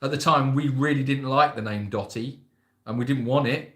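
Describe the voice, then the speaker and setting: A man's voice: mid-range voice, normal speed. A man, hosting and chatting casually in a rambling storytelling way. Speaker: sanctuary host. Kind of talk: casual livestream chat. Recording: echoey room.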